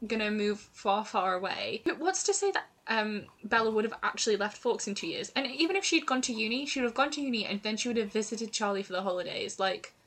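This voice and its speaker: A young woman co-hosting a casual book chat, animated and laughing, often jumping into playful voices. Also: mid-range voice, quick pace, few pauses. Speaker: podcast co-host.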